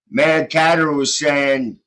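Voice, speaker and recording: A man in casual panel chat who agrees and explains things at a slow, easy pace. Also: on the high side, fairly bright tone, rough recording.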